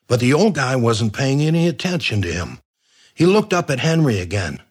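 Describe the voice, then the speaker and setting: A man's voice: medium pitch, big pitch swings, normal speed, breathy edge. A man reading a comic crime novel aloud, in a dry, wry storytelling manner. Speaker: narrator. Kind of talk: audiobook narration.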